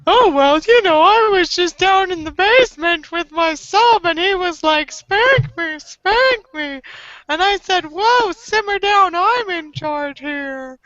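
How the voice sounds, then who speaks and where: Woman doing a squeaky bossy character. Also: animated, slow, fairly bright tone, no room sound, exaggerated voice. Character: bossy kinky character in charge. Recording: dull lo-fi web call audio.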